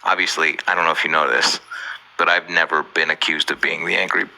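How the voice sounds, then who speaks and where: A man's voice: rumbling low, steady tone, fairly quick, vocal fry, sharp tone, rough recording. A man hosting a casual chat, joking loosely and swearing now and then. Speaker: host.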